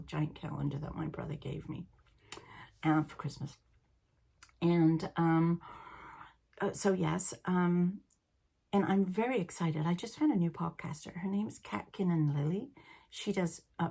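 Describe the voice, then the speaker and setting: A woman in her fifties with a Liverpool accent softened by years in Canada, hosting a knitting podcast in a chatty, rambling way. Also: on the low side, gravelly, slightly rough. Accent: Liverpool English softened by decades in Canada. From England, Liverpool. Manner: chatty and rambling, with laughs and excited asides. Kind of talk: casual chat.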